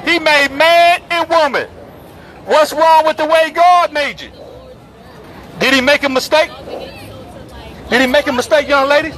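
High-voiced man preaching on a loud street. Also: measured pace, long pauses, poor audio. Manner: forceful and repetitive, calls out passersby. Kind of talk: open-air street preaching. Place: busy city street outdoors. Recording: street crowd and traffic noise. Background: crowd chatter and passing vehicles.

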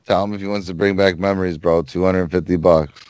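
A man's voice: sits low, fairly even intonation, fast talker, a little mellow, smooth, no room sound. A young man co-hosting a podcast in casual banter, laid-back and swearing easily. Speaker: podcast co-host.

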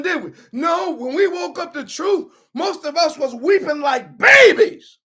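A man preaching a sermon with impassioned shouting and rhetorical questions. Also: very high voice.

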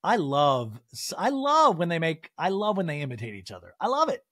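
A man hosting a podcast, recapping a reality show in an animated, gossipy way and acting out the cast. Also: fairly high pitch, normal speed, no room sound, studio quality. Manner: animated, gossipy, does impressions. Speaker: podcast host.

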